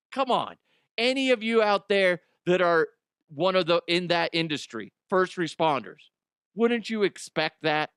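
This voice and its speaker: A man's voice: sits high, a bit bright, clean tone, dry recording, clean studio sound. A middle-aged man hosting a comedy news podcast, riffing crudely, laughing at his own jokes and slipping into silly voices. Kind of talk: casual comedic monologue.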